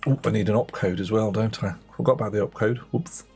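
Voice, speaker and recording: A man's voice: on the low side, fast talker, darkish tone, faint music behind. A man giving chatty, self-mocking commentary while playing a game on a live stream, muttering asides to himself.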